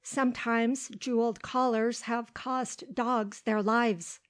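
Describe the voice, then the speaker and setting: Protective dog owner, firm and decided, read by a woman, fairly high voice. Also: fairly even intonation, slow pace. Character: protective man, the dog's master.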